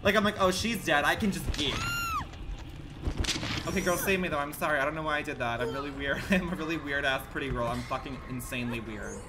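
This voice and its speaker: A man livestreaming a game in campy, slangy commentary that swings between loud outbursts and low mutters. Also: fairly quick. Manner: campy and dramatic, full of slang. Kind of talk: live gameplay commentary. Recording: loud game music under the voice.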